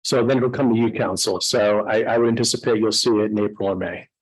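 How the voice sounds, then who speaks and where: A man on city staff presenting at a public council meeting, talking in a halting way with many fillers and restarts. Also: fairly low pitch, fairly even intonation, rough recording.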